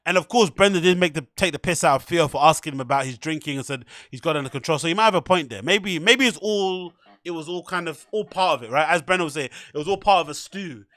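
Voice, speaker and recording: A man with a notably high voice gives casual livestream commentary on clips, swearing freely and laughing often. He sounds incredulous and teasing. His voice is recorded dry and close, with no room sound. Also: quick pace, few pauses, fairly bright tone, no echo. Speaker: podcast host.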